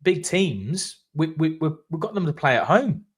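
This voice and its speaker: A man co-hosting a football podcast, animated, acting out rivals' voices and swearing as he tells stories. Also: on the high side, normal speed, breathy edge. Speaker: podcast co-host. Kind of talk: casual football chat.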